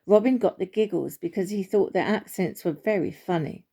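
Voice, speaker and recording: Reading a children's storybook aloud, a woman speaks in a medium-pitched, slightly rough voice. Her delivery is soft and relaxed, with occasional small slips and restarts.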